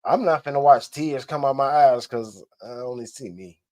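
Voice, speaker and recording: Man, casual co-host, stammers and restarts, insistent, mid pitch. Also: moderate pace, darkish tone. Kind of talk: casual chat.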